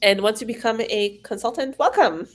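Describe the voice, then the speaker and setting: A woman's voice: a little high, normal speed. A woman from Iran, an immigration consultant, answering viewer questions in a frank, casual live-stream Q&A and reading the questions aloud.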